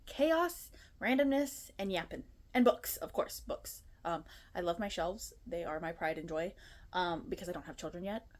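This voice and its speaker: At home in her apartment, a booktuber in her twenties speaks to her phone camera in a low, animated voice at a moderate pace. The chat is casual, rambling, and a touch nervous.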